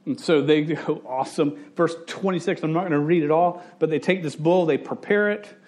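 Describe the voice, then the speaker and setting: A male pastor preaching in a loose, conversational storytelling manner. He jokes, restarts his sentences and briefly mimics the people he quotes. His voice sits slightly high for a man. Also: a little fast, a little mellow. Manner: jokey and self-interrupting. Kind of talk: sermon.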